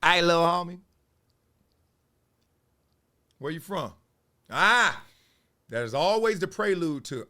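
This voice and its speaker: A man from Los Angeles hosting a show, telling a story in casual street slang and acting out the scenes with laughs. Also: mid-range voice. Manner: animated, acts out scenes with laughs. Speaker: host.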